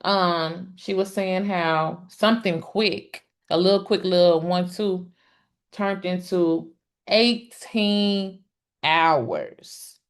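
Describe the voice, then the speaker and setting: A woman hosting a casual live stream about a court case, chatty and exclamatory, speaking straight to her viewers and often pausing with "um" and restarting. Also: fairly low pitch. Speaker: trial commentary host.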